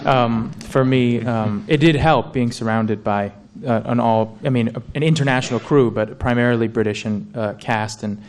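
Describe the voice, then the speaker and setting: An actor answering at a press conference, self-deprecating and joking, with halting phrasing. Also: male voice, mid-range voice, darkish tone. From United States. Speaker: film actor on a press panel.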